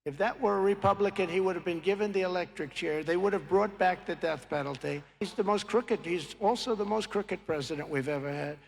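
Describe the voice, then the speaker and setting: A man's voice: high voice, fairly quick, vocal fry, hardly any pauses. Rambling older man at a podium. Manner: rambling, boastful, with mock voices. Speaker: politician giving a speech. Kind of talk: rally speech. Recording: echoey hall, faint noise.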